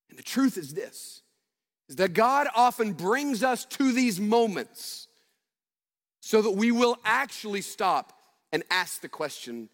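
A male pastor delivers a conversational sermon, asking his listeners question after question and poking fun at himself. His voice sits high for a man. A long reverb trails each phrase, like a large church. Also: sing-song, measured pace, a bit bright. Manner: conversational, rhetorical questions, self-deprecating stories.

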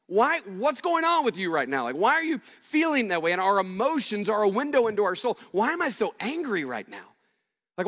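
A male pastor delivers a conversational sermon, asking his listeners question after question and poking fun at himself. His voice sits high for a man. A long reverb trails each phrase, like a large church. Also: fairly bright tone. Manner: conversational, rhetorical questions, self-deprecating stories.

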